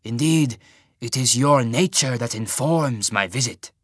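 A man voicing an old, rotund mage lord who speaks slowly with a genial, softly menacing manner. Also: medium pitch, husky, no room sound, clean studio sound. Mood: genially menacing. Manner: slow, measured, softly menacing.

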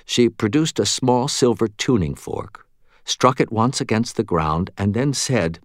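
A man reading an audiobook in first person with expressive, wry storytelling. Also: mid-range voice, a little slow, dry recording, studio quality. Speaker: audiobook narrator.

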